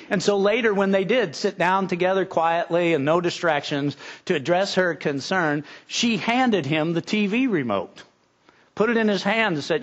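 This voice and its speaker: A middle-aged male pastor with a high voice preaches a sermon earnestly at a moderate pace. He often restarts and builds to emphatic peaks, and the recording is slightly dull and lo-fi.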